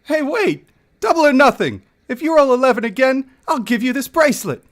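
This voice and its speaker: A man voicing a cranky, anxious male dwarf in a much higher voice. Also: sing-song, brisk. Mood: pleading.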